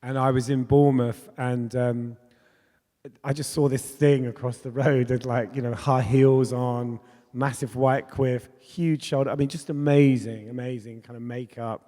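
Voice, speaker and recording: A man's voice: mid-range voice, little pitch movement, moderate pace, mellow. Chatty laughing man in a reverberant hall. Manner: chatty, laughs often, many fillers. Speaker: guest, pop musician and DJ. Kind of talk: candid storytelling in an onstage conversation. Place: festival talk in a hall.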